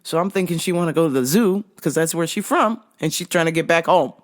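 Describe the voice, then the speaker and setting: A woman in her forties telling a story in a casual rant, profane, animated and exasperated. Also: lowish voice, fairly quick. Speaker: show host recounting her store job.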